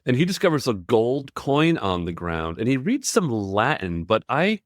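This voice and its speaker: Male podcast co-host, wry casual recap, lively pitch. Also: moderate pace, no echo, studio quality. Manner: wry, animated, laughs often.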